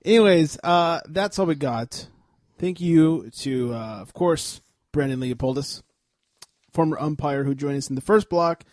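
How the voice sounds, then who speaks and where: A man's voice: a little high, a little slow, darkish tone, no echo, clean studio sound. A man hosting a sports comedy podcast, chatting loosely and joking through plugs with lots of filler words. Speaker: podcast host. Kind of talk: casual sports comedy chat.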